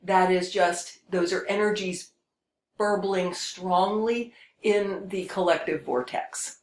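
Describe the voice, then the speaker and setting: A woman's voice: fairly low pitch, takes it slowly, roomy sound. A woman hosting a spiritual channel, speaking in a casual monologue that rambles with many restarts and hesitations.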